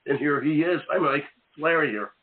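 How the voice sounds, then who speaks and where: A man's voice: fairly high pitch, moderate pace. A man hosting an education talk radio podcast, chatting in a rambling, friendly way. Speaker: host. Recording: phone-like narrow sound.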